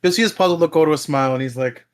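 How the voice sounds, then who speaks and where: A man playing in a tabletop game, describing his character's actions in a loud, rushed way. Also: on the high side. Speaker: player.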